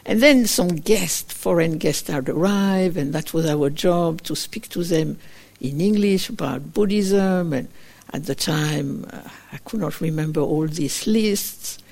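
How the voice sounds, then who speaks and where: A woman meditation teacher giving a dharma talk, telling a story gently and reflectively, often acting out her own inner voice in short quoted asides. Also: low voice, measured pace, vocal fry. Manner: gentle, reflective, with frequent fillers like "kind of". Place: meditation retreat center.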